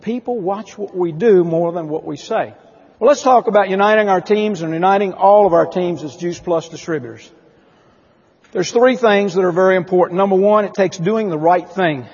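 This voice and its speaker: A man with a husky, rather high voice delivers an emphatic keynote talk at a conference. The recording is dull and lo-fi, with a long reverb from a large hall. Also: normal speed, darkish tone. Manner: emphatic storytelling, asks the audience questions. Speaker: motivational speaker at a company conference.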